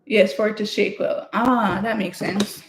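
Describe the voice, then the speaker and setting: A woman's voice: mid-range voice, fairly even intonation, a little slow. A woman chatting casually and telling rambling stories while baking at home on a live stream. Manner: chatty, rambling storyteller with laughs. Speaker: home cook vlogger. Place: home kitchen. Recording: echoey room, faint noise.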